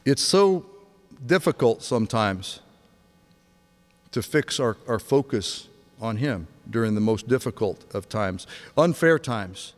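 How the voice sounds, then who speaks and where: A man in his sixties preaching a sermon, telling stories with energy and dropping to a hush for emphasis. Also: mid-range voice, takes it slowly, pauses often, faint music behind. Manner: animated storytelling, swings from loud to hushed. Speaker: pastor. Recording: long hall reverb.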